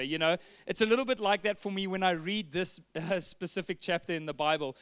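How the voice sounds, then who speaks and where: High-voiced, earnest male preacher. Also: clean tone. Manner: earnest and animated, with acted asides. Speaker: pastor. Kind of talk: sermon.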